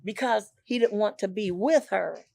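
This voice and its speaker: A woman's voice: mid-range voice, normal speed, creaky, a little mellow. Older woman telling a painful story. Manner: emotional storytelling, acting out quoted speech, repeats phrases. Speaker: talk show co-host. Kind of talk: personal testimony on a talk show.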